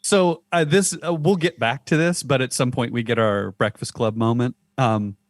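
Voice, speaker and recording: A man's voice: mid-range voice, normal speed, no echo, studio quality. A young man co-hosting a podcast, giving wry, questioning comments on a film. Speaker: podcast co-host. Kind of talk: casual chat recapping a film.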